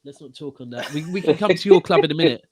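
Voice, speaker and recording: A man's voice: a little high, animated, fast, crowd noise. A man chatting casually about football on a panel, upbeat and bantering, swearing casually.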